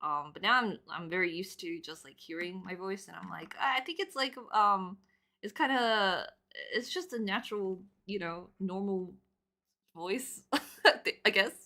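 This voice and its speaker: A twenty-something woman chats casually while drawing on stream, rambling with plenty of fillers and frequent loud laughter. Her voice sits in the mid range and moves a little slowly.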